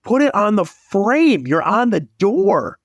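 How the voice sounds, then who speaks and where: A man voicing an exasperated male car owner who shouts at a worker. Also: sits high, big pitch swings, slow pace, no echo, clean studio sound, voice pushed up, full character voice. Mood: angry.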